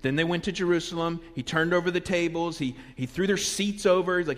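A man preaching a sermon in a lively, conversational way with humorous asides, recorded with long hall reverb. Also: fairly high pitch, fairly quick, few pauses. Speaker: pastor.

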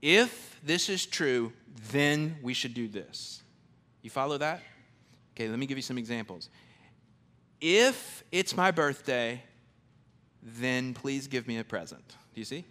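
A man preaching a sermon in a conversational, emphatic way, swinging from loud declarations to hushed, intimate lines. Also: medium pitch, expressive, unhurried. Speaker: pastor.

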